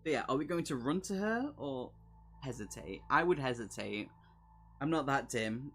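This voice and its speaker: A man's voice: medium pitch, lively intonation, normal speed, a bit bright, slightly rough. A man streaming a live playthrough, reading a horror gamebook aloud and chatting jokily with his viewers between passages. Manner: chatty, jokey, talks to chat between passages. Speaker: streamer host.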